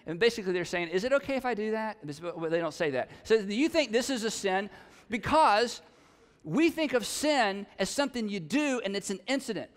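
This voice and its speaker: Middle-aged guy preaching, chatty and animated, fairly high voice, big echoey church. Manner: conversational and animated, mimics listeners' voices. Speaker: pastor. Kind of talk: sermon. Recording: long reverb of a large hall.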